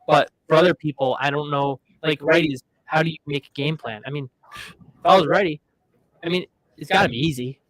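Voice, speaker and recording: A man with a fairly high voice, recorded close and dry, co-hosts a casual podcast about bowling. He jokes sarcastically and often stops to restart his sentences. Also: a bit bright, no echo, low-quality recording. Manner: joking, sarcastic, halting restarts. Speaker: podcast co-host.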